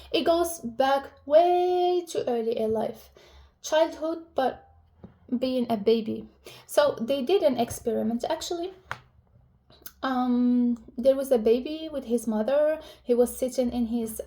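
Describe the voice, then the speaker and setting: A young woman talks to her viewers in a loose, heartfelt way, full of fillers, self-corrections and restarts. Her voice sits high for a woman. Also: a little mellow. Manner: chatty, emotional, many fillers and restarts. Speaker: relationship vlogger. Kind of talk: casual personal talk to camera.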